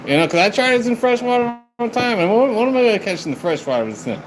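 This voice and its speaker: A man's voice: very high-pitched, big pitch swings, quick pace. A man chatting on a live stream, rambling and swearing as he talks to his viewers. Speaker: livestreamer. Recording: noisy background.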